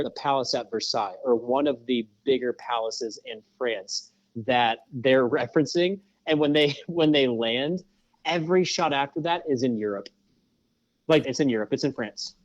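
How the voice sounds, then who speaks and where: A man's voice: medium pitch, moderate pace, no room sound, highs cut off. A man co-hosting a podcast, griping about a film in an exasperated, sarcastic way. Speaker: podcast co-host. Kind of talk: casual movie review chat.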